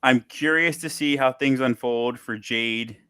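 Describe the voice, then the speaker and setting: A man's voice: medium pitch, pushed and bright, clear, resonant tone, no room sound, studio quality. A man hosting a casual podcast chat, who stumbles and repeats words before finding his point. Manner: halting, repeats words before getting going.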